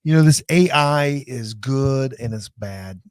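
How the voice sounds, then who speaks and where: A middle-aged man hosting a live show, chatting casually and telling rambling, animated stories full of restarts. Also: medium pitch, slow pace, smooth, dry recording, clean studio sound. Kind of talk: casual live-stream chat.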